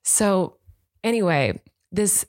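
A woman's voice: mid-range voice, lively intonation, slow, no echo, studio quality. A woman from California, co-hosting a podcast in casual, giggly chat. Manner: chatty, giggly storyteller. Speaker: podcast co-host.

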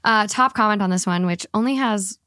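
A woman hosts a relaxed podcast chat, reading listener comments aloud and reacting with gossipy frankness. Her pitch sits in the middle, and the recording is dry and close. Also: brisk, no echo. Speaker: podcast host. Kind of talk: casual chat.

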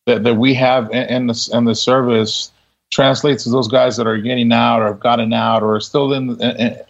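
A man, a military veteran, telling stories in a relaxed interview, laughing often and acting out what people said. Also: mid-range voice, moderate pace, gravelly, dull audio. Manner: laid-back, laughing, full of quoted dialogue. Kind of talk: casual storytelling interview.

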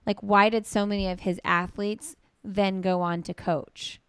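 Smooth-voiced female podcast host. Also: medium pitch, steady tone, a little slow, no echo. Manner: conversational, affirming. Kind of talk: casual interview chat.

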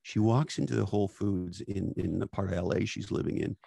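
A low-pitched man with a gravelly, creaky voice hosts a podcast conversation. He talks emphatically and bluntly, dropping casual profanity and catchphrases. The sound is dry and close. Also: fairly quick, warm tone, dry recording. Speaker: podcast host.

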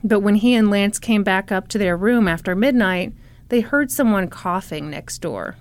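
A woman's voice: mid-range voice, moderate pace. A woman co-hosting a podcast, telling a true-crime story casually with sarcastic, laughing asides and swearing.

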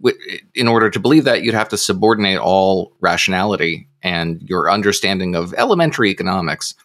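A man on a podcast panel, speaking in a measured way with frequent filler pauses. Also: sits low, expressive, a bit bright. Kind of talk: casual panel chat.

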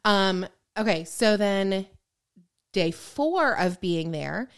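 A woman's voice: medium pitch, lively intonation, slow, smooth. A young woman co-hosting a podcast, telling a gossip story in casual chat full of "like" and "um". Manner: chatty storyteller, lots of "like" and "um". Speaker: podcast co-host.

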